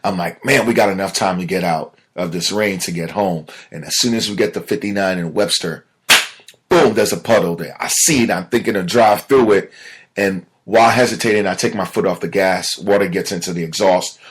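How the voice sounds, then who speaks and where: A man hosting a casual solo podcast, telling a personal story in an animated way that sinks to a low mutter when he is upset. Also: a little fast, a little hiss or hum. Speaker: podcast host.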